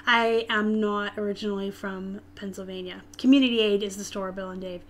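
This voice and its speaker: A woman's voice: mid-range voice, steady tone, brisk. A woman from Arizona with a light Southern US accent, hosting a casual live stream and answering viewers' chat comments directly. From Tucson, Arizona, US.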